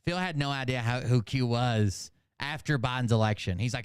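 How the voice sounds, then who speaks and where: Mocking man with a crisp, dry voice. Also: medium pitch, moderate pace, no echo. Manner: mocking, profane. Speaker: commentary channel host. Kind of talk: reaction commentary.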